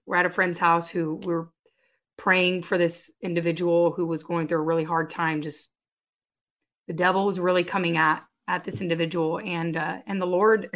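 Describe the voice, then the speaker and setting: A middle-aged woman, a guest on a faith interview show, telling her story in an emphatic, animated way with sudden loud bursts. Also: fairly low pitch. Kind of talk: conversational testimony.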